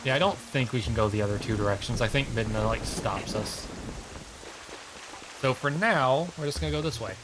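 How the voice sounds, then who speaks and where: A man streams a video game while chatting casually, rambling and leaning heavily on "like" as filler. His mid-range voice moves at a moderate pace over a noisy background.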